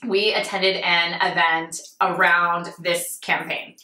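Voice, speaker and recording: Female vlogger, 30s, clear bright voice, roomy echo, easygoing and open. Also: fairly low pitch, steady tone, slow pace. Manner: candid, easygoing, giggles. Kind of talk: casual chat.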